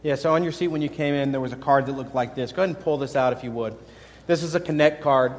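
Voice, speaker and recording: A man's voice: mid-range voice, quick pace. A man speaking as pastor in a church service, giving friendly, instructional announcements to the congregation. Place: church sanctuary. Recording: reverberant church hall, faint music.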